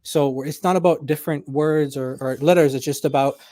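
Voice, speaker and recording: A man co-hosting a live online debate, explaining in a halting way and often repeating his words. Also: a little high, steady tone, mellow. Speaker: co-host in a debate stream.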